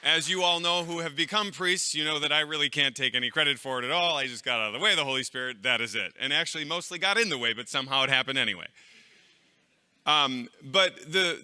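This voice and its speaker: Bright-voiced man speaking in a hall. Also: on the high side. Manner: anecdotal, conversational with fillers and restarts. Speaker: conference speaker. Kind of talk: live talk to clergy.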